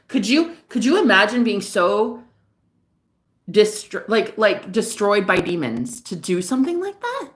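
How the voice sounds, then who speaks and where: Animated candid woman telling a story. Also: on the low side. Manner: animated, candid, swears, laughs often. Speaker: psychic reader. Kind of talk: casual storytelling vlog.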